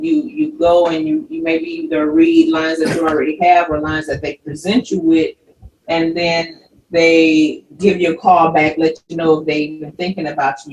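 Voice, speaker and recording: A man guest explaining how his company runs auditions in a casual chat, talking at length and restarting his sentences often. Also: a little high. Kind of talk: casual interview. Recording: roomy, distant from the mic, faint noise.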